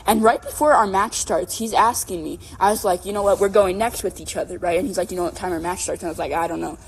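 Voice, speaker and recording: A young woman co-hosting a podcast, telling a long story in a casual, animated, rambling way with lots of fillers and "right?" checks. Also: fairly low pitch, fast talker, breathy edge. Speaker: podcast co-host.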